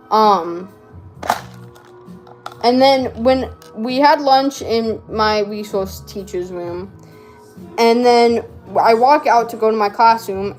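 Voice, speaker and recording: A teenage girl with a fairly high voice tells a story in a slow, meandering way, full of slang and "um"s. She chats casually while working on a craft. Soft music plays faintly behind her. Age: teens. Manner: chatty, rambling, slangy, frequent laughs and fillers. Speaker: vlogger.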